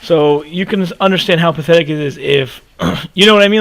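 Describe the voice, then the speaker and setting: Young man ranting, fairly high voice. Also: a little fast. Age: 20s. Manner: animated, profane, emphatic ranting. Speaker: gaming video creator. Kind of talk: casual storytelling over gameplay.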